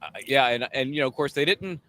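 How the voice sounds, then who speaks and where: A man's voice: medium pitch, quick pace. A man co-hosting a casual chat about a court trial, talking wryly and acting out what others said. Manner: chatty, wry, quotes others in animated voices. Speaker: legal commentator co-host.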